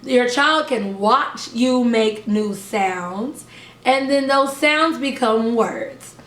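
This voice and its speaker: A young woman, a preschool teacher, giving an upbeat lesson to parents in a slow, carefully over-enunciated way. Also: a little high, animated, fairly bright tone, echoey room. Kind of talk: instructional talk to camera.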